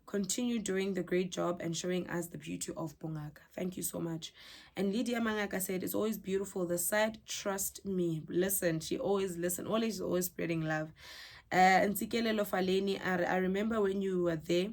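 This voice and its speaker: South African woman reading viewer comments. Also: lowish voice. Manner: warm, chatty, switches between English and Setswana. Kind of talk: casual chat.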